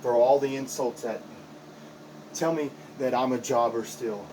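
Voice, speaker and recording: A man's voice: medium pitch, normal speed, background noise. A man cutting an impassioned, confrontational wrestling promo, repeating himself for emphasis as a backyard wrestler.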